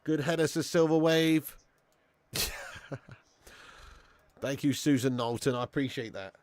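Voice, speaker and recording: A man hosting a live football watch-along stream, chatting with viewers, swearing and getting excitable. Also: medium pitch, measured pace, no room sound.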